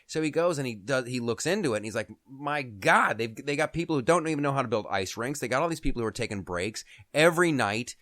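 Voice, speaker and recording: A man's voice: medium pitch, fast, few pauses, no echo, clean studio sound. A middle-aged man hosting a radio show, telling a story in casual political chat and acting out the quoted people. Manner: animated storyteller, acts out quotes. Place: radio studio.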